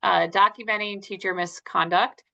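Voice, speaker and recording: A woman's voice: medium pitch, fairly even intonation, moderate pace, vocal fry, pushed and bright, muffled recording. A woman student reading a class presentation and then explaining each point in plain terms.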